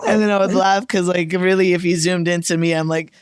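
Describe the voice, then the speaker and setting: A man hosting a podcast, telling a personal story in casual chat, animated and laughing often as he acts out what he said. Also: sits high, fairly quick, a crowd in the background. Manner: animated, laughs often, acts out his own past lines. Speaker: podcast host.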